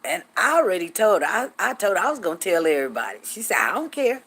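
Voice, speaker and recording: A middle-aged woman hosting a casual live chat, telling stories in an animated, chatty way and acting out what people said. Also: lowish voice, fast, breathy edge. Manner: chatty, animated, acts out quotes, drawls. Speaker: host greeting live viewers.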